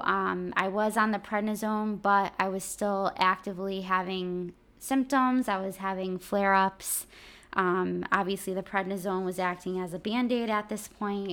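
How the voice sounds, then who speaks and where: A young woman telling her own illness story in a casual, halting way, with many fillers, at times close to tears. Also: medium pitch, a bit bright, clear, resonant tone.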